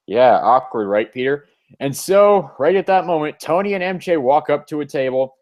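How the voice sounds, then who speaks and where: A man's voice: mid-range voice, animated, normal speed, a little mellow. A man hosting a casual comic review, recapping the plot and reading the dialogue aloud. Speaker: podcast host.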